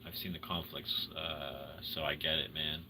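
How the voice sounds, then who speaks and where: A tired man hosting a casual livestream chat with viewers, rambling and swinging between loud excitement and low mumbles. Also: measured pace, creaky, breathy edge. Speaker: livestream host chatting with viewers.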